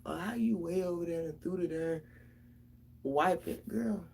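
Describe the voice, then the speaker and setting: A woman's voice: on the low side, a little slow, creaky, a little mellow, slight background noise. A middle-aged mother, venting casually and profanely straight to her viewers about her kids.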